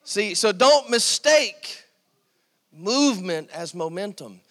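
A man with a high voice preaches to his congregation, often stopping to ask "Amen?" and pressing his points with "See,". The sound rings with a long reverb from the church sanctuary around him. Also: animated, slow, fairly bright tone. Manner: call-and-response preaching, repeated "Amen?" and "See,". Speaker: pastor. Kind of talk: sermon.

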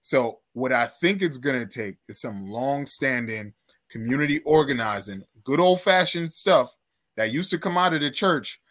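A man guesting on a relaxed podcast conversation. His voice sits at an ordinary middle pitch. He comes across earnest and reflective, and he takes his time laying out his thoughts. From United States, born to Trinidadian parents. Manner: earnest, thoughtful, speaks in measured phrases. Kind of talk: casual podcast chat.

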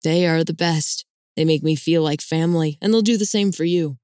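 A woman reading aloud voices a friendly young woman speaking slowly and sincerely. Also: low-pitched, a little mellow, dry recording, studio quality, natural voice.

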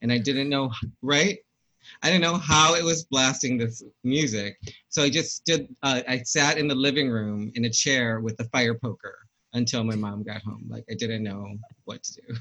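A man's voice: mid-range voice, moderate pace, sharp tone, rough recording. A man in his forties chatting on a book podcast, wry and self-deprecating. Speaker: podcast co-host. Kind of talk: casual book club chat.

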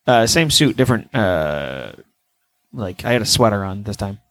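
A man co-hosting a casual comedy chat, deadpan, cursing freely and clearing his throat often. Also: on the low side, moderate pace.

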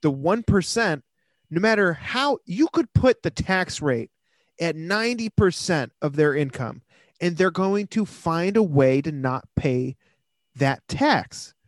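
An opinionated man co-hosts a podcast and argues his views firmly in casual chat. His voice sits a little high for a man. It is recorded close and dry, with no room sound. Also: expressive, slow, dry recording. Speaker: podcast co-host.

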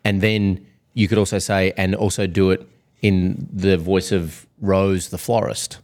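A man's voice: sits low, flat delivery, unhurried, darkish tone. A man hosting a podcast, summing up and restating his guest's points in casual chat. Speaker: podcast host.

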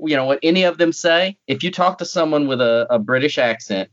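A man's voice: on the high side, a little fast, hardly any pauses, a bit bright, dull audio. A man with a light North Carolina accent, a guest in a casual interview, talking with dry, self-deprecating humor.

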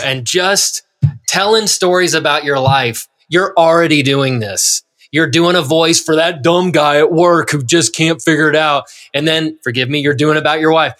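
Male podcast co-host, fairly high voice, earnest explainer. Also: fairly bright tone. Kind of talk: casual chat.

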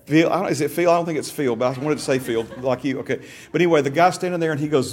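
A man's voice: fairly high pitch, very fast, a little mellow. Man teaching a casual Bible class. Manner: casual, repeats words, quizzes listeners.

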